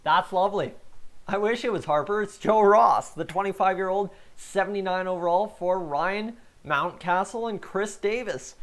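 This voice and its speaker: A man's voice: sits high, normal speed. Chatty man streaming a sports game. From Canada. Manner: casual, chatty, talks to his live chat, grows excitable and loud. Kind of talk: live-streamed gameplay commentary.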